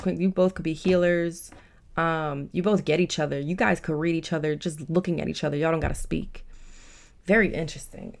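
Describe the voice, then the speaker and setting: A woman giving a casual, chatty tarot reading, warm and emotional, with many fillers. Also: on the low side, creaky. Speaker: tarot reader.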